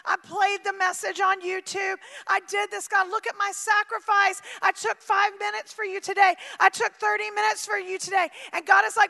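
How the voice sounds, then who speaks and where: A woman preaches with a very high, bright voice edged with gravel. She swings from shouting to near-quiet, and her words ring with the long reverb of a large hall. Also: flat delivery, normal speed, hardly any pauses. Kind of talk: sermon.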